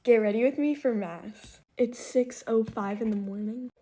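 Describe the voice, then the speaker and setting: A woman's voice: fairly high pitch, normal speed, warm tone. A young woman chatting casually as she does her makeup, talkative and bubbly, with lots of "like"s. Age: young adult. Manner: chatty, bubbly, filler-heavy with many "like"s. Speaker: beauty vlogger. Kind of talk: casual get-ready-with-me chat.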